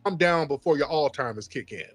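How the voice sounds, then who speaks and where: A man's voice: on the high side, expressive, fairly quick, a bit bright, soft background music. A man hosting a call-in stream, taunting and mocking a caller in a heated argument.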